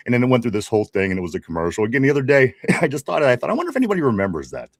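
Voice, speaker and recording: This is a man in his forties with a Pittsburgh accent, co-hosting a laid-back sports show. His voice sits a little low but moves a lot, and he circles back to the same greetings again and again. The sound is dry and close. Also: big pitch swings, rapid-fire, few pauses, no room sound. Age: 40s. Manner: rambling, repeats greetings, laughs often. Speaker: podcast co-host. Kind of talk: casual sports talk show.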